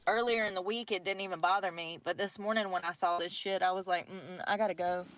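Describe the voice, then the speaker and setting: A woman's voice: on the low side, fairly even intonation, fast, very noisy. A breathless woman, rambling and cursing freely as she vlogs live outdoors in the snow by a river on a handheld phone. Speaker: vlogger. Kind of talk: casual livestream chat.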